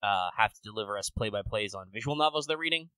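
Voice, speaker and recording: A man co-hosting a podcast, chatting casually with relaxed, wry asides. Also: lowish voice, fast, clear, resonant tone, no room sound, low-quality recording. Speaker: podcast co-host. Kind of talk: casual chat.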